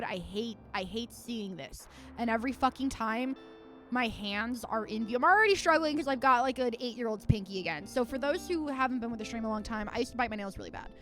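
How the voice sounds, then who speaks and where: Woman streamer, higher voice, chatty foul-mouthed ranting, faint background music. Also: fairly bright tone. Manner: rambling, venting, swears freely. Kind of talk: casual livestream chat while gaming. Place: home.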